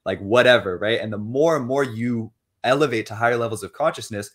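A young man guest in a casual interview, talking in an animated way, acting out inner voices and swearing casually. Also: medium pitch, brisk. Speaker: interview guest, money coach.

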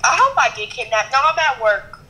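Brief: young woman from Florida, sassy and blunt, high, sharp voice. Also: lively intonation, a little fast, slight background noise. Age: 20s. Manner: blunt, sassy, swears freely. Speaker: stranger on video chat.

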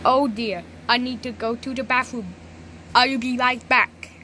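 A woman's voice: fairly high pitch, unhurried, sharp tone, a little hiss or hum. A synthetic woman's voice speaking for cartoon figures, a stern adult woman in authority who scolds stiffly and repeats herself. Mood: scolding. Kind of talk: text-to-speech cartoon voices.

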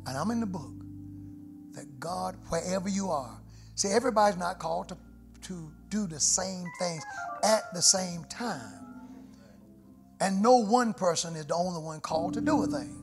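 A middle-aged pastor preaches a sermon from the pulpit, his voice a touch high for a man, moving from hushed, prayerful murmurs to ringing shouts. Organ music and instruments play clearly beneath him in this live church sanctuary recording.

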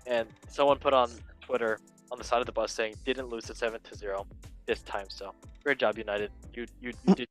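A man's voice: mid-range voice, fairly even intonation, faint music behind. Playful young man hosting a chat show. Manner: chatty, playful, quick to laugh at his own jokes. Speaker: podcast host. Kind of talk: casual chat reading football memes.

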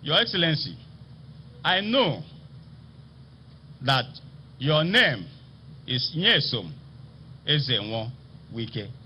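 Nigerian man giving a lively formal speech. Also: fairly high pitch, a little hiss or hum. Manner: oratorical, slow emphatic delivery with rising stresses. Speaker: state assembly speaker. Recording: slightly dull broadcast audio with faint ambience.

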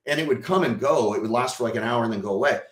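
A man from Texas, a podcast guest, telling a personal story in an animated way, casually swearing and acting out what people said. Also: mid-range voice, racing, echoey room.

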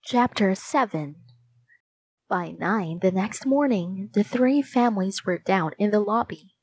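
A woman reading a children's chapter book aloud, in slow, clear, measured narration. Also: mid-range voice, darkish tone, low-quality recording. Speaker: reader.

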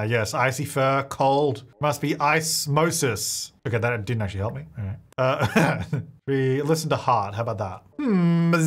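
A man hosting a gaming video, giving chatty, self-mocking gameplay commentary and laughing often. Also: mid-range voice.

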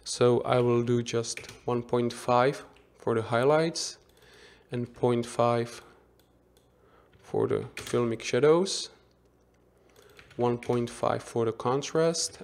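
A man giving an unscripted software tutorial as instructor, thinking aloud with frequent restarts and self-corrections. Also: medium pitch, creaky, a little hiss or hum. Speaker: 3D visualization instructor.

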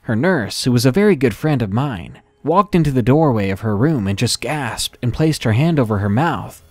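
A man reading a first-person horror story in a measured, dramatic narration style. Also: medium pitch, expressive, dry recording.

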